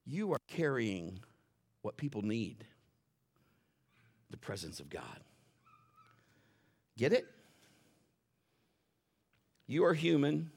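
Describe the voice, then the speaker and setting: A middle-aged man preaching a sermon in a folksy, animated way, acting out quotes and dropping to a whisper for emphasis. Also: medium pitch, slow pace, gravelly, pauses often, breathy edge. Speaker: pastor.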